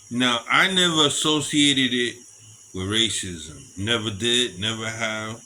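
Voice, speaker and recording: Guy spinning a story outside at night, bright edgy voice, crickets chirping faintly. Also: medium pitch, a little slow, a little hiss or hum. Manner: animated, acts out other people's lines. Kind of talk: casual storytelling.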